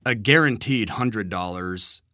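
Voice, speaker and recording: A man co-hosting a radio show, teasing his partner with wry, opinionated banter. His voice sits a bit low but sounds bright, recorded close and dry. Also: unhurried, dry recording. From Texas. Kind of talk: casual banter.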